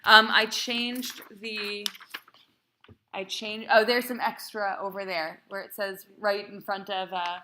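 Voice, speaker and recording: A woman's voice: medium pitch, level tone, slow, pushed and bright. A female cantor teaching a class, quizzing and encouraging her students in a chatty way.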